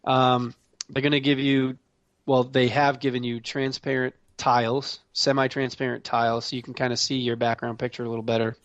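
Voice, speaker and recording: A man hosting a casual gaming podcast, reading news in a relaxed way with many fillers. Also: mid-range voice, normal speed, no echo, muffled recording. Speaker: podcast host.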